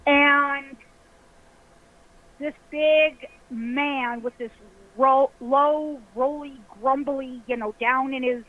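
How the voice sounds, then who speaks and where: A woman's voice: high-pitched, steady tone, very slow, narrow, tinny audio. A woman caller telling a ghost story vividly, acting out voices and sounds.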